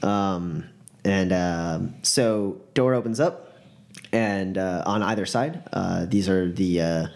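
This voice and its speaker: A man narrating a tabletop game as game master, casual and halting with many fillers. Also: low voice, creaky, darkish tone.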